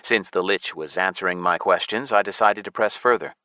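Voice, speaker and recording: A man narrating a science fiction audiobook in the first person with a steady, even delivery. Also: low-pitched, brisk, no echo.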